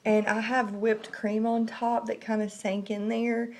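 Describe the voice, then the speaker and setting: A woman's voice: level tone, a little slow. A young woman, vlogging casually while getting over the flu, rambling and chatty. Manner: chatty, rambling, acts out quotes in a high voice. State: recovering from flu. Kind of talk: casual vlog chat.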